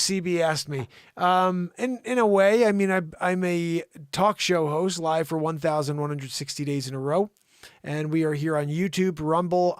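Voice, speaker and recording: A man hosting a live talk show, doing improvised comedic commentary in an excitable, riffing way that swings between loud outbursts and muttered asides. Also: fairly high pitch, no echo, studio quality.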